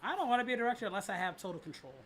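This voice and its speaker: A man's voice: sits high, expressive, racing, a bit bright. A young man hosting a casual livestream, rambling with many fillers and restarts and swearing freely. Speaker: livestream host and voice director.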